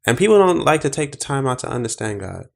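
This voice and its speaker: A man's voice: medium pitch, big pitch swings, quick pace, vocal fry. A man hosting a podcast, talking in an earnest, reflective way that speeds up when he gets stirred. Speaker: podcast host. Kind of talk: casual conversation.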